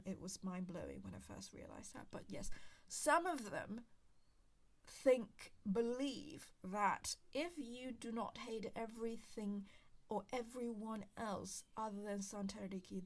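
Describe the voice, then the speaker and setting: A woman talking alone into a handheld recorder in a fairly high voice. She rants in an exasperated, casual way. She often drops to a whisper when she makes a point. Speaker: podcast host. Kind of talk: casual solo monologue.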